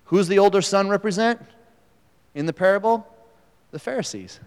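A man's voice: high-pitched, normal speed, clear, resonant tone. A man preaching a sermon in a casual, conversational way, telling the story with animation. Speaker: pastor. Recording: echoey hall, long reverb.

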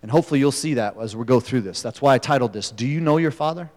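Male pastor, casual sermon, animated storytelling, long hall reverb. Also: mid-range voice, fast.

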